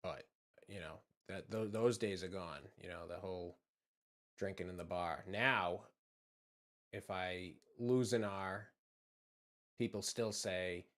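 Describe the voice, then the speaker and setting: Casual host with a Boston accent: relaxed, rambling, salty, slightly low-pitched. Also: male voice, slow, pauses often. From just south of Boston. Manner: rambling, profane, laid-back. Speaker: channel host. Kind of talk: casual chat while drawing.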